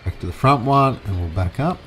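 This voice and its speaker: A man's voice: medium pitch, animated, fairly quick, fairly bright tone, soft background music. An Australian man giving casual, rambling commentary while livestreaming a farming game and chatting with his viewers. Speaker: livestream gamer. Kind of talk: casual live gameplay commentary.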